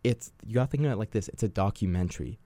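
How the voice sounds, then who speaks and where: A man's voice: fairly low pitch, rapid-fire, dark tone, dry recording. A young man in his twenties co-hosting a podcast, telling rambling stories in casual chat, full of fillers and restarts. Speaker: podcast co-host.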